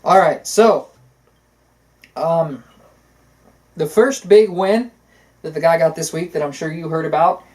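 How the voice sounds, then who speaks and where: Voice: mid-range voice, unhurried, long pauses, a little mellow, poor audio. Opinionated talk-show co-host, casual. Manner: opinionated, talks in long runs with fillers. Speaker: podcast co-host. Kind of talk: casual political chat.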